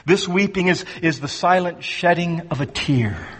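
A man preaching a sermon with dramatic swings between loud emphasis and hushed, low phrases. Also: lively intonation, moderate pace, slightly rough, big-room sound.

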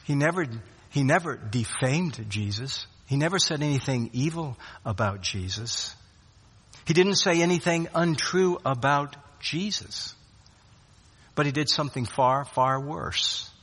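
A man preaching a sermon, swinging between loud rising questions and hushed low drops, often repeating words as he restarts a phrase. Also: animated, measured pace, husky. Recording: long hall reverb.

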